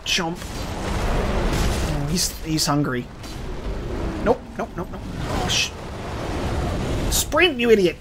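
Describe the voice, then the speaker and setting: Panicky gamer guy yelling and swearing, lively up and down voice. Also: sits high, very slow, pauses often, background noise. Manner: excitable, swearing, panicky yelps and laughter. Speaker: gaming streamer. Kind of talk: live let's play commentary.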